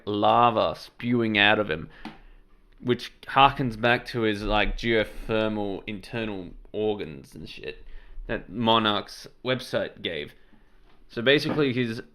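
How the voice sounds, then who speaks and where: Rambling man with a smooth voice. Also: fairly low pitch, fairly bright tone. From Serbian background. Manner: rambling, self-correcting, casual swearing. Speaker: channel host. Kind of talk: casual trailer reaction commentary.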